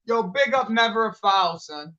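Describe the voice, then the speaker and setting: Male co-host, agitated football ranter, high bright voice, slightly dull recording. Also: moderate pace. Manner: animated, swears a lot, rants. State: agitated, rattled. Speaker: podcast co-host. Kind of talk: casual football chat.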